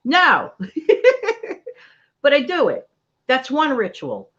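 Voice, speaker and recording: Chatty New York woman, animated. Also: high-pitched, slow, muffled recording. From New York City. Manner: chatty, motivational, talks straight to viewers. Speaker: livestream host. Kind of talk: casual live chat.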